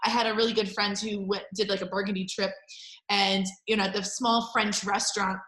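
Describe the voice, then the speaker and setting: A woman's voice: medium pitch, flat delivery, fairly quick, a bit bright, roomy sound. A woman talking casually about wine and cheese pairings, chatty and full of filler words. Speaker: wine bar general manager. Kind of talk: casual wine and food chat.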